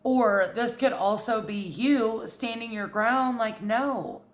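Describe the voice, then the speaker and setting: A woman's voice: on the high side, takes it slowly. A woman giving a casual tarot reading, blunt and profane, getting heated as she goes. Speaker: tarot reader.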